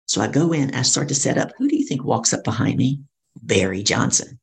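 Gravelly middle-aged woman telling a story. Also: rumbling low, a little fast. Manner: acts out others' lines in lively voices. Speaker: professional speaker and coach. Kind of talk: animated storytelling in an interview.

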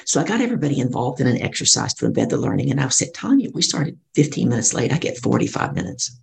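A middle-aged woman, a professional speaker and coach, telling her story in an interview and acting out other people's lines in lively voices. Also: rumbling low, quick pace, gravelly.

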